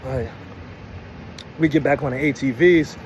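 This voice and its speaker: A man's voice: mid-range voice, measured pace. A young man with a Brooklyn accent, casually telling a story in a loose, slangy way and often asking "you know what I'm saying". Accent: Brooklyn, New York. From Brooklyn, New York. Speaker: vlogger. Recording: noisy outdoor street recording.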